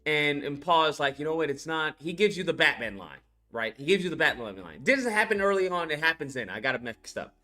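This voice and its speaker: Male reviewer, bright higher voice, loose crude recap style. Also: very animated, fairly quick, hardly any pauses. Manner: rambling, crude, lots of fillers. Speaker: movie reviewer. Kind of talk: casual ranting film recap.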